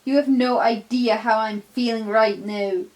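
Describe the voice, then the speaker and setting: A woman's voice: a little high, slow pace. A woman doing a bitter Scottish steam engine. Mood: cross. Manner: snapping, sneering, hostile. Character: bitter, angry young male steam engine. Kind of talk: fan audio story reading.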